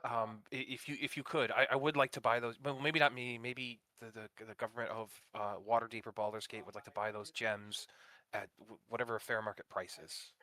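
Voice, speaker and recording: A man's voice: medium pitch, steady tone, brisk, pushed and bright. Hesitant, stammering man player. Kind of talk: in-character tabletop roleplay.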